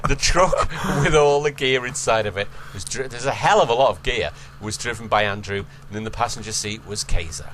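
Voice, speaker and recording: A man's voice: fairly low pitch, brisk, few pauses, a bit bright, a little hiss or hum. A male podcast host reading fan fiction aloud, laughing, swearing and stopping to mock the text.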